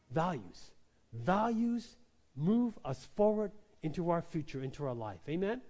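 A male pastor preaching a sermon, who swings between quiet questions and loud, emphatic lines and keeps calling out "Amen?". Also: high-pitched. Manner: repeats lines, calls out "Amen?" to the congregation.

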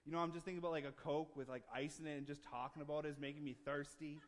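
A man with a high voice preaching a sermon in church. He talks casually and jokes with the congregation, then builds into emphatic, rising declarations. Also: little pitch movement, racing. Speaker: pastor.

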